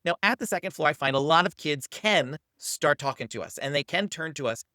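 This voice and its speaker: A man's voice: fairly high pitch, expressive, brisk, sharp tone, no echo, studio quality. A man hosting a parenting channel, teaching to camera in an upbeat coaching manner and acting out what to say to a child.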